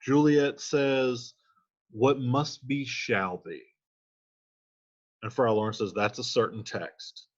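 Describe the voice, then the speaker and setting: A man's voice: medium pitch, fairly even intonation, slow, long pauses, muffled recording. A man reading lines from a play aloud and then restating each one in casual, slangy modern speech as a teacher. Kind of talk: casual line-by-line play explanation.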